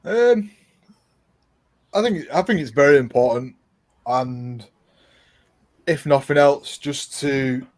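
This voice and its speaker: A man's voice: mid-range voice, takes it slowly, pauses often. An easygoing man answering questions as a guest on a casual podcast. His voice sits in a middle register and he speaks plainly.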